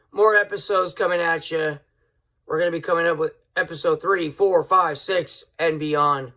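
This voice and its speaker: A man hosting his own wrestling podcast, ranting heatedly and swinging from loud outbursts to low mutters. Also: gravelly. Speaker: podcast host. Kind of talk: casual wrestling podcast rant.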